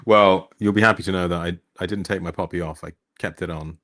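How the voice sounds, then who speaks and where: Deep-voiced easygoing man. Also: fairly even intonation, fairly quick, fairly bright tone. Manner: easygoing, agreeable, explanatory. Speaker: podcast co-host. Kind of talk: casual conversation.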